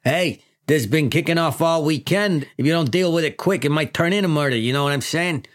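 A man voicing a gruff middle-aged police chief with a put-on New York accent, brash and bossy, with wheezy sighs. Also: a little high, a little fast, close to an everyday voice. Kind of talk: tabletop game character voice.

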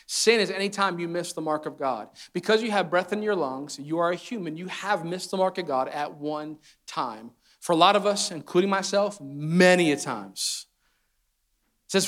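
A young man pastor preaching a sermon, rising into loud fervent stretches and joking asides as he voices the figures in his story. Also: sits high, animated, fairly quick. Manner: builds to fervent shouted preaching, voices Jesus playfully.

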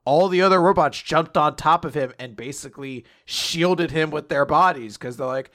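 At a normal speed and with a fairly bright, high-side voice, this man co-hosts a podcast and casually goes over a manga chapter. He keeps laughing, cracking jokes and performing the characters' lines.

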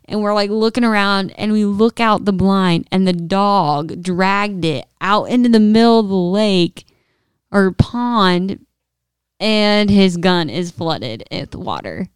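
Young woman podcast cohost, smooth lowish voice, dry close sound, animated storytelling. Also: slow pace, no echo. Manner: animated retelling with quoted voices. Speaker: podcast co-host. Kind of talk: casual storytelling chat.

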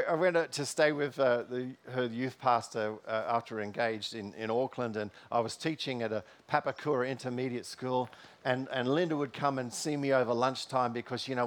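A middle-aged man preaching a sermon in a church, telling personal stories with many fillers and restarts. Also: mid-range voice. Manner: storytelling, with frequent fillers and restarts.

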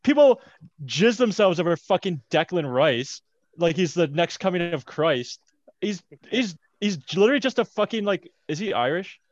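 A man's voice: high voice, very animated, moderate pace, dry recording, dull audio. A man in casual football chat, dry and sarcastic, arguing his opinions.

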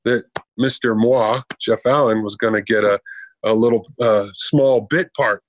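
A man's voice: lowish voice, steady tone, a little slow, a little hiss or hum. A man telling a long anecdote in casual chat, rambling and conversational.

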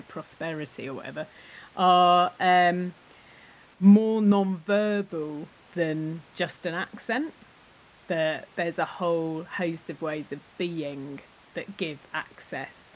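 Slow, low-voiced woman podcast host. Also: slight background noise, poor audio. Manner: thoughtful, searching questions. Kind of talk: interviewing, casual podcast.

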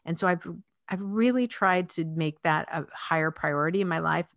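A woman's voice: on the low side, normal speed, creaky, a bit bright, no room sound, studio quality. A woman in her fifties hosting a casual conversation, thoughtful and talking with many fillers. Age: 50s.

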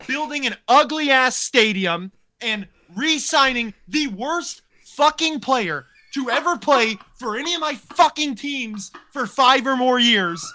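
A man with a bright, forceful tone launches into a profane sports rant. He talks casually and heatedly, piling on curses as he complains. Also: very high voice. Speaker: podcast co-host.

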